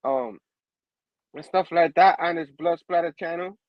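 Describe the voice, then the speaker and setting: High-voiced, chuckling male show host. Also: measured pace, no echo, dull audio. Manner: laughs often, keeps saying "you know what I mean". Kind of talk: casual comic book review chat.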